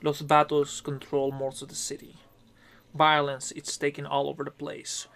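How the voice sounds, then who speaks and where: A man's voice: on the high side, completely flat delivery, moderate pace, creaky, fairly bright tone. A man acting as game master, narrating a tabletop horror game in a conversational way, with fillers and asides. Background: faint music.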